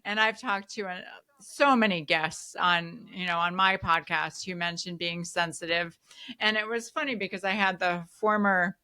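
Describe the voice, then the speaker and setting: A woman hosting a podcast, telling stories in a lively conversational way with frequent laughter. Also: fairly low pitch, normal speed. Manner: animated storyteller, laughs often. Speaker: podcast host.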